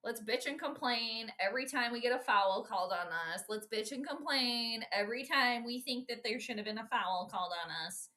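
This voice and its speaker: Bright-voiced woman giving blunt live game commentary. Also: a little high, moderate pace, few pauses. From Minnesota. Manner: blunt, exasperated running reactions to play; talks to her viewers directly. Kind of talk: casual live sports commentary.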